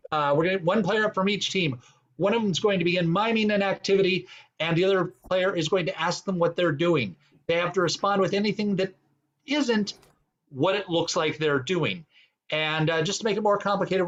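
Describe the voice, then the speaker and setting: A man's voice: sits high, muffled recording. A man hosting an online improv comedy game, explaining rules with plenty of fillers. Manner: rambling, many fillers. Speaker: improv show host.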